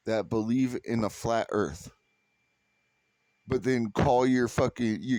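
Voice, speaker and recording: A middle-aged American man does a stand-up comedy set, his fairly low, darkish voice recorded dry. He rants profanely and in exasperation, stumbling over restarts and acting out the voices he quotes mid-rant.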